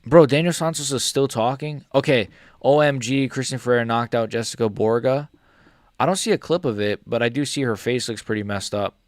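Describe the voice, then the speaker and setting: A young man reacting live to a fight for his viewers, swinging between yelling insults and muttering in frustration, swearing heavily and talking to viewers by name. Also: medium pitch, brisk, no echo, clean studio sound. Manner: swings between angry shouting and muttered grumbling, heavy swearing. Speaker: MMA streamer reacting live.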